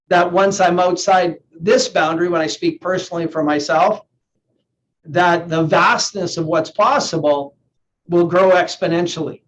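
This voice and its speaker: A man's voice: a little high, steady tone, a little slow, fairly bright tone. A man coaching a live online group session, talking earnestly and often repeating words as he thinks aloud. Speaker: NLP coach. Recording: slightly dull lo-fi sound with faint hiss.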